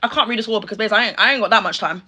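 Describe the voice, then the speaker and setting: A woman's voice: medium pitch, very fast, bright, forceful tone, husky. A young woman doing casual reaction commentary, sassy and exclaiming, talking straight to her viewers. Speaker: YouTuber reacting to a video.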